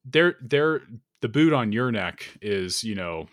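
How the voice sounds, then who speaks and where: Low-voiced man explaining in casual chat. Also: expressive, slow pace, a bit bright, dry recording, studio quality. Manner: argumentative, explaining, lots of "like" and "you know".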